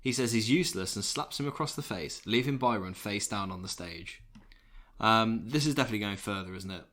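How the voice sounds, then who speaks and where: A man's voice: fairly low pitch, animated, brisk, fairly bright tone. A man co-hosting a wrestling podcast, reading match recaps and then chatting loosely.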